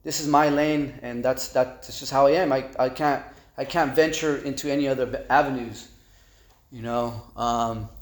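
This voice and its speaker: A man giving personal testimony at a recovery meeting, halting and repeating words with conversational fillers. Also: mid-range voice, steady tone. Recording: echoey room.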